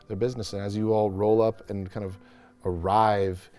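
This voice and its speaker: A man's voice: fairly low pitch, flat delivery, moderate pace, mellow. A man running a tabletop game as game master, narrating in a casual, rambling way with many restarts.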